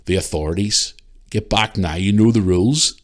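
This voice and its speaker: A man's voice: fairly low pitch, moderate pace, pitched below the performer's own voice, close to an everyday voice. Man mimicking a stern rule-enforcing shopper woman.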